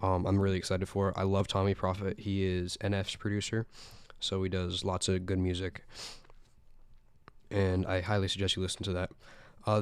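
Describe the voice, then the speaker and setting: Teen boy from South Carolina, podcast host, rambling and enthusiastic; low, smooth voice, dry close sound. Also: dry recording. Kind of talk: casual music roundup podcast.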